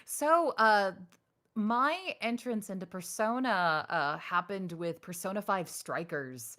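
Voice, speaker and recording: A woman voice actor telling stories in a casual interview, full of "like" fillers and acting out the quotes she tells. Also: slow pace. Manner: animated, acts out quotes with big pitch jumps; frequent "like" and "you know" fillers. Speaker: voice actor guest.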